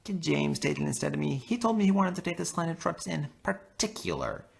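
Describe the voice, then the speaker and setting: A man voicing a small, polite young male engine in a toy train story, well above his own pitch. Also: very animated, brisk, vocal fry, husky, exaggerated voice. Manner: polite and eager.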